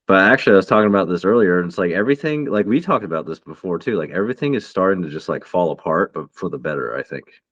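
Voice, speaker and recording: A man co-hosting a podcast in casual, profane, rambling chat that turns excitable. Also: sits low, quick pace, no room sound. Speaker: podcast co-host. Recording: dull lo-fi dry sound.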